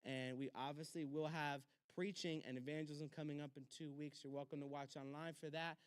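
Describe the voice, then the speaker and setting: Pastor giving punchy leadership commands. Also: male voice, on the high side, flat delivery, clear, resonant tone, no echo. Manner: punchy, repeats short commands, acts out quick exchanges. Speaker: pastor teaching a leadership class. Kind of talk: church leadership lesson.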